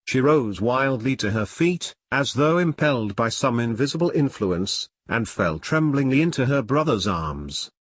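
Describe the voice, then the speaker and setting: A man narrating a 19th-century novel aloud in a theatrical, expressive reading style. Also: mid-range voice, normal speed, few pauses, husky, dry recording, studio quality. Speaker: audiobook narrator.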